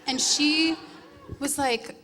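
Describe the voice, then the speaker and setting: A woman sharing a casual testimony, telling her story in a quick, animated way. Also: high-pitched, slight background noise. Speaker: conference attendee sharing a testimony. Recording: long hall reverb.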